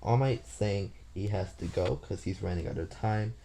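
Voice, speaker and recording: A man's voice: sits low, moderate pace, gravelly, dark tone, slight background noise. A man casually retelling a fan-made story off the cuff, thinking aloud and plotting as he goes.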